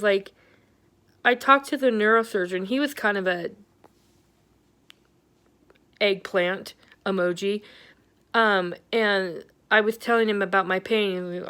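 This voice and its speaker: A woman's voice: medium pitch, fairly bright tone, clear, resonant tone. A middle-aged woman giving a candid, rambling health update on her vlog, venting with lots of fillers. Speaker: vlogger.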